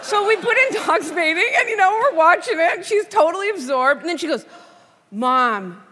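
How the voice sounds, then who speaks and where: Female comic, high bright animated voice, deadpan storyteller, long hall reverb. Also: a little fast. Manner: deadpan comic storytelling, acts out her daughter's questions. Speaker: comedian. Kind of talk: storytelling stand-up talk on stage.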